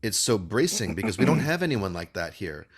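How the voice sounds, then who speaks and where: A man co-hosting a political podcast in a fairly low voice. He speaks passionately and articulately, repeating words as he builds momentum. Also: sing-song, brisk, husky. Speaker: podcast co-host. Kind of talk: casual political podcast chat.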